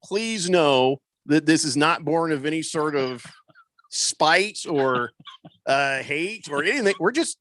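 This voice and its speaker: Bright-voiced man hosting talk radio. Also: a little high, animated, takes it slowly, dry recording. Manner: conversational, rambling with many fillers. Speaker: radio host. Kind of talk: sports talk radio chat. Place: radio studio. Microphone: studio microphone.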